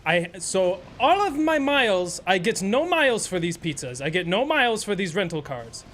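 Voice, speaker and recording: High-voiced man telling a rambling story. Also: sing-song, normal speed, fairly bright tone, a little hiss or hum. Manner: rambling, profane, sarcastic. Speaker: game streamer. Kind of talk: casual storytelling while gaming.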